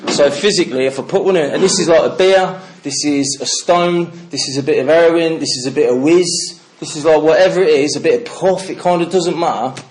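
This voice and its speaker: Middle-aged man from the Midlands, slightly high voice, blunt sweary storyteller sharing his recovery story. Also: brisk, hardly any pauses, a little mellow, a little hiss or hum. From English Midlands. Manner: candid, swearing, storytelling with laughs. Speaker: recovery speaker. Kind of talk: personal testimony to a meeting.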